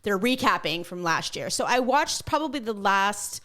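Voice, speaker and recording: A woman co-hosting a podcast in casual chat, chatty and quick to agree. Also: medium pitch, expressive, a bit bright. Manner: chatty, frequent agreeing backchannels. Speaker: podcast co-host.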